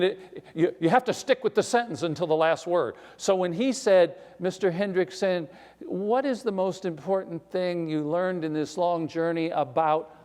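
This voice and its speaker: An older male author telling stories on stage before an audience, animated and self-deprecating, with frequent restarts. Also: high-pitched. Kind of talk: live author conversation on stage. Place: recital hall before an audience. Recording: long hall reverb.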